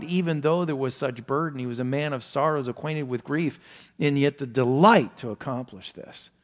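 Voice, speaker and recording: A man preaching a sermon, telling a story with emphatic rises and soft, low passages. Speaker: pastor.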